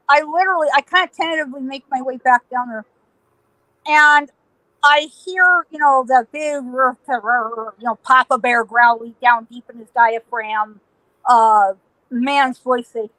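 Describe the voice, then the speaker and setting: A middle-aged woman tells a story as a guest on a podcast. Her voice is high and bright. She is animated and laughs often, acting out the voices in her tale, and the sound is dry and close. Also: no room sound, rough recording.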